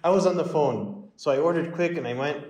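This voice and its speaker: Man, priest, animated sermon storyteller, acts out voices, higher pitch, echoey room. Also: fairly quick, a little hiss or hum.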